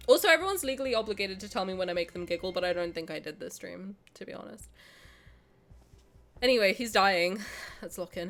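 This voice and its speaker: A slightly congested, sick woman streams in a medium-pitched, creaky, somewhat bright voice, expressive and a little fast. She talks effusively to viewers and reads game text aloud, often restarting and erupting into laughter.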